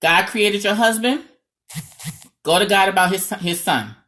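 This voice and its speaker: Animated New York woman giving advice. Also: medium pitch, unhurried. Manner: animated, dramatic and sarcastic, checks in with "okay?". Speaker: marriage coach. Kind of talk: direct-to-camera advice talk.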